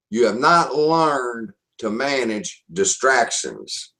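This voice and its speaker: A man's voice: medium pitch, lively intonation, slow, hardly any pauses, fairly bright tone. A man with a Southern US accent presenting a live online marketing webinar, speaking emphatically and repeating his key phrases.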